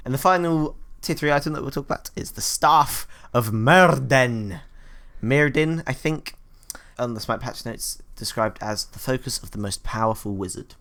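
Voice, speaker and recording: A man's voice: mid-range voice, expressive, normal speed, fairly bright tone. A man co-hosting a casual gaming chat, who laughs often and stumbles over names. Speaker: gaming video co-host.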